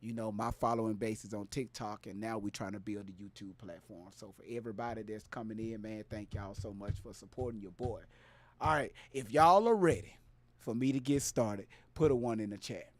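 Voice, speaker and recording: A man hosting a casual live stream, loud and playful, hyping up his viewers and greeting them by name. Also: lowish voice, brisk.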